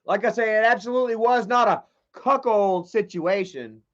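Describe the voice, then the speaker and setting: A man's voice: high voice, normal speed, fairly bright tone. A man streaming live, telling a long, rambling, profane personal story and reading chat messages aloud. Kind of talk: livestream storytelling. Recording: dull lo-fi stream audio.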